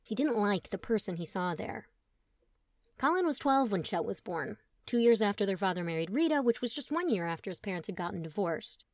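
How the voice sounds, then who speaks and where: A woman narrating a story audiobook in an expressive, wry manner. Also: medium pitch, brisk, no room sound, clean studio sound.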